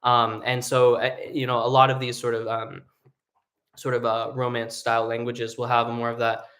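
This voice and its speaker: A man's voice: mid-range voice, completely flat delivery, normal speed, fairly bright tone. Man, voice coach, mid-range voice, chatty, many ums and uhs, breaks into short sung demos. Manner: casual explaining with many fillers, breaks into sung vocal demos. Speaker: singing teacher. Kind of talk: live online vocal lesson.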